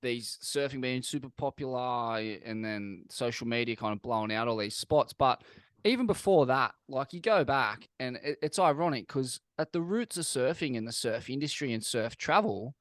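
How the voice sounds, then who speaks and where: A man's voice: mid-range voice, lively intonation, normal speed, a bit bright, no echo, studio quality. An Australian man hosting a podcast, laid-back and reflective, swearing casually as he chats. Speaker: podcast host. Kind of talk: casual interview chat.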